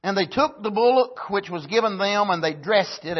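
A man preaching a sermon, husky, punctuating points with amens and building to emphatic, rising bursts. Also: high-pitched, lively intonation, takes it slowly, highs cut off. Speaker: pastor.

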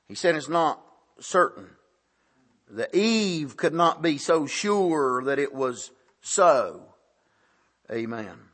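High, lively preacher man. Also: measured pace, slightly rough. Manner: preaching with frequent "amen" and dramatic emphasis. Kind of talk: sermon.

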